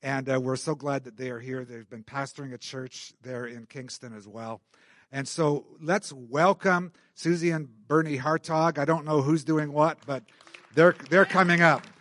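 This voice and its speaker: A pastor welcoming the church and introducing the guest speakers, talking with many pauses and restarts. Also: male voice, mid-range voice, fairly even intonation, no room sound, clean studio sound. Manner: halting, many fillers and restarts.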